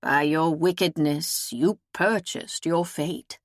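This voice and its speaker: A woman reading an audiobook, voicing a weary old woman seer who speaks slowly and gravely. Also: sits low, no room sound, studio quality. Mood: stern. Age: older. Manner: slow, solemn, measured.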